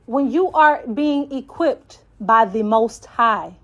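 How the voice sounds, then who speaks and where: Slow, emphatic woman giving affirmations. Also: fairly high pitch, animated. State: emotional, voice dropping to a whisper. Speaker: life coach. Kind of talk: reflective voice note.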